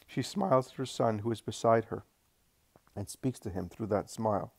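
Male devotional reader, low-pitched, calm, dry close recording. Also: creaky, no echo. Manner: calm, unhurried, occasional slips and restarts. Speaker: audiobook reader. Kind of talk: devotional scripture-style reading.

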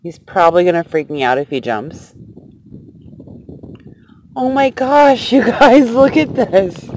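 A woman's voice: mid-range voice, animated, slow, darkish tone, a little hiss or hum, rough recording. A woman vlogging outdoors at night on her phone, gushing and giggling as she coaxes a grasshopper onto her hand. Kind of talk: excited casual vlog. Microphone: handheld phone camera.

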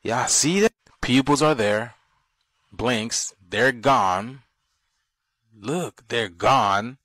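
A man's voice: medium pitch, extremely slow, fairly bright tone, no echo. A man making a conspiracy video, insistently pointing out details and urging viewers to look.

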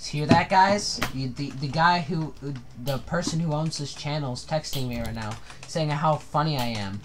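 A woman doing let's-play commentary, profane and excitable, with sudden screaming outbursts. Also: low voice, moderate pace, noisy background. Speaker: gamer. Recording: game music behind.

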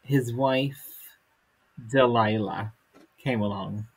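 Man, podcast co-host, slow unhurried delivery, husky tone, dry wry asides. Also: medium pitch, low-quality recording. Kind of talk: comic reading aloud.

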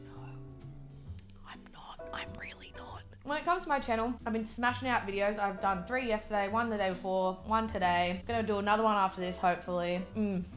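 A young Australian woman chatting casually while eating on camera, filling her talk with "like" and working herself up into a heated rant. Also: mid-range voice. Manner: chatty, peppered with "like", gets heated and ranty. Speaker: mukbang vlogger.

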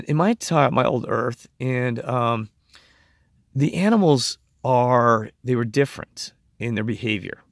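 A man's voice: mid-range voice, gravelly, dry recording, studio quality. A man hosting his own channel, talking in an emphatic, rambling monologue full of fillers and restarts. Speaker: channel host.

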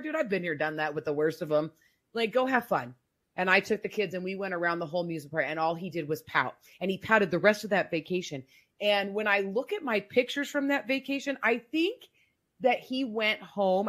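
A woman's voice: mid-range voice, a bit bright. Candid woman sharing a personal story. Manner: candid, emphatic, with frequent "like" fillers. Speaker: podcast guest. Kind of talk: casual conversational storytelling.

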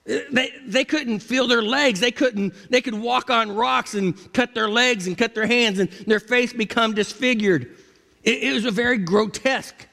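High-voiced preacher in a reverberant church. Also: male voice, gravelly, fairly bright tone. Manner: dramatic, builds from low murmurs to high cries. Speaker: pastor. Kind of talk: sermon. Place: church sanctuary.

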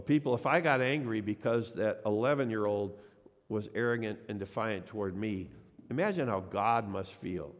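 A man preaching a sermon as a pastor, telling a personal story and acting out the voices of the people in it. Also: fairly low pitch. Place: church sanctuary. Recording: long church reverb.

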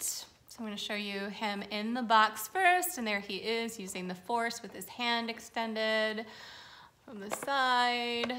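A woman's voice: on the high side, bright, forceful tone. A woman showing off her collection in a casual, gushing, sentimental vlog, laughing often. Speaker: collector vlogger. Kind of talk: casual show-and-tell vlog. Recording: roomy room echo.

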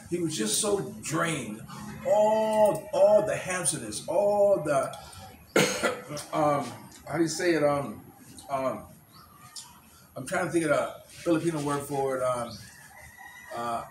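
A man telling a story in a loose, halting way, circling back with "you know" and restarts. His voice sits a little high for a man and is picked up from a distance. The room echoes, and birds chirp clearly in the background. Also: lively intonation, a little hiss or hum. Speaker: vlogger retelling a movie plot. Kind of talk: casual storytelling.

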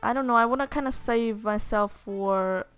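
A woman's voice: a little high, normal speed, a bit bright, clear, resonant tone, soft background music. Chatty young woman playing a game. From Lithuania. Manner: chatty, reads game lines aloud in playful voices. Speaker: gaming YouTuber. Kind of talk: casual let's-play commentary.

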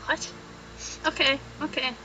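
A woman's voice: high-pitched, steady tone, unhurried, music in the background, low-quality recording. A young woman hosting a let's play, giggling, swearing freely and reading game text aloud. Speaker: gaming channel host.

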